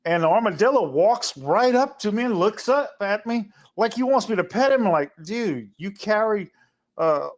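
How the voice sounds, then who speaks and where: A man in animated casual conversation who tells stories and laughs often. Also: sits high, moderate pace, few pauses. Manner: animated storyteller, laughs a lot. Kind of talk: casual chat.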